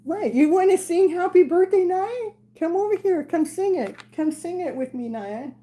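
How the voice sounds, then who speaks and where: A woman's voice: extremely high pitch, lively intonation, normal speed, dark tone. A woman in her sixties hosting a live tarot stream, chatting casually with viewers and laughing often. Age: 60s. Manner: chatty, laughs often, playful baby talk to her dog. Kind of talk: casual live-stream chat while reading viewer comments.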